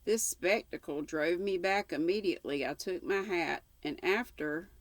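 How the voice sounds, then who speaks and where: An older woman reading a classic novel aloud, unhurried, with casual asides now and then. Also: on the low side, no room sound. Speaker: audiobook reader.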